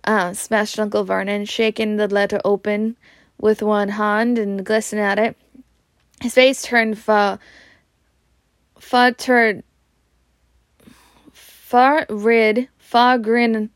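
A woman's voice: mid-range voice, no echo. A woman reading a novel aloud, often stumbling over words and restarting. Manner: stumbling, frequent restarts, self-laughing. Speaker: amateur reader.

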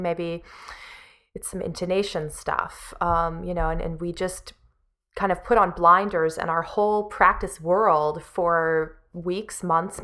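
A woman's voice: on the low side, bright, forceful tone. A woman music teacher giving an earnest, encouraging practice lesson, with frequent fillers. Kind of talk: spoken practice lesson to camera.

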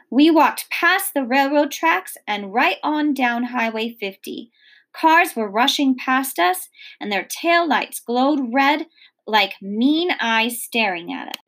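A woman teacher reading a children's novel aloud in an expressive storybook manner. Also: high-pitched.

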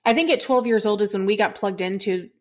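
A woman co-hosting a podcast in casual chat, relaxed and agreeable with some self-deprecating humor. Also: mid-range voice, fast. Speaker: podcast co-host. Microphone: podcast mic.

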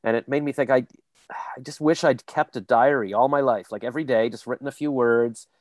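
A man's voice: mid-range voice, fairly quick, dry recording. A man in casual conversation, telling stories and now and then slipping into character voices. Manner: animated storyteller, slips into character voices. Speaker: voice actor. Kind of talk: casual chat.

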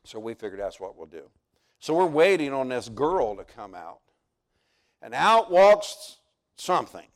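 A man preaching at a camp service, telling folksy stories that build to near-shouts. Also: medium pitch, big pitch swings, unhurried. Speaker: pastor. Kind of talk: storytelling sermon.

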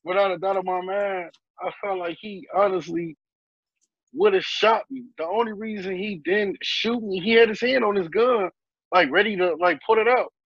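A man in a casual group discussion, telling a heated story with animated reenactment of what was said. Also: high voice, normal speed, slightly rough, dry recording, dull audio. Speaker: panel guest.

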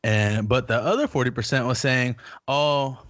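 A young man co-hosting a casual podcast chat, playful and jokey, talking in quick bursts. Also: mid-range voice, expressive, a bit bright. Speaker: podcast co-host.

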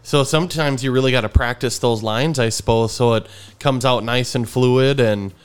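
A man's voice: medium pitch, normal speed, clean tone. A man hosting a podcast, chatting casually and easygoing with a guest. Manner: easygoing, lots of fillers and laughs. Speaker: podcast host. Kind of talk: casual interview chat.

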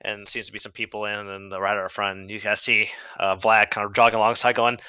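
A man narrating a tabletop game as game master, halting, with many fillers and restarts. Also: lowish voice, level tone, sharp tone, clear, resonant tone, no echo, highs cut off.

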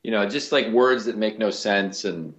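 A man, a voice actor and comedian, telling stories in a casual interview with lively restarts. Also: lowish voice, normal speed, echoey room, highs cut off. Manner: animated storyteller, lots of restarts.

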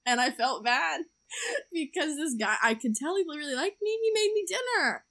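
A woman's voice: sits high, animated, normal speed, fairly bright tone. A young woman telling a dating story in a casual podcast chat, chatty and laughing often. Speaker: podcast co-host.

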